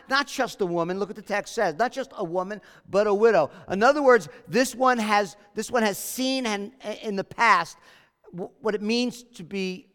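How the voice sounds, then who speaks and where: A man's voice: sits high, fairly bright tone, big-room sound. A man preaching a sermon as pastor, earnest and emphatic, repeating his key phrases.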